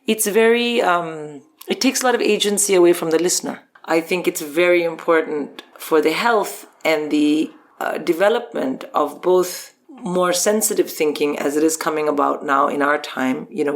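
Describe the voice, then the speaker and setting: A woman from India, a comedian guest on a podcast, chatting casually and laughing often as she tells stories. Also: sits low. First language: Hindi. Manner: animated, laughs often while telling stories.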